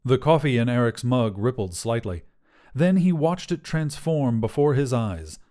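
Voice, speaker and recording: Lively storytelling man. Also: medium pitch, a little slow. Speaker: podcast narrator and producer. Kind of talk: scripted fiction narration.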